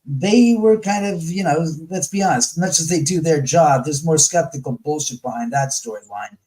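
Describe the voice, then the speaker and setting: A man's voice: on the high side, moderate pace, mellow, poor audio. Blunt, profane man telling stories. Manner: blunt and profane, acts out quoted voices. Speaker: guest on a paranormal talk show. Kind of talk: casual storytelling in conversation.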